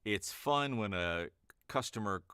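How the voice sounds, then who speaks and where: Chatty low-voiced man in a dry studio. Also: animated, a little slow, sharp tone, clear, resonant tone, no echo. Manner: chatty and rambling, with upbeat lifts on greetings. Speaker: voice-over artist. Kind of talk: casual vlog chat. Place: home broadcast studio.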